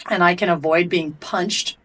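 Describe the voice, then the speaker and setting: A woman's voice: lowish voice, moderate pace. Blunt, profane woman telling a fight story. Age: middle-aged. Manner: blunt and profane, animated retelling. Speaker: guest, athlete and coach. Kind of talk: candid storytelling in a podcast interview.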